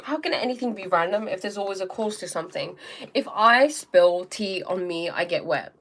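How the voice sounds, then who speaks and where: A woman's voice: medium pitch, lively intonation, moderate pace, a bit bright. Chatty young woman hosting a live stream. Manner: chatty, repeats "okay?" and "um", acts out little scenes. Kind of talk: casual live-stream talk on self-help.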